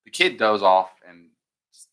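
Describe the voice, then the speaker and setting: Low-voiced, bright-toned podcast co-host. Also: male voice, very animated. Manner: joking, chiming in with quick agreements. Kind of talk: casual movie-recap chat.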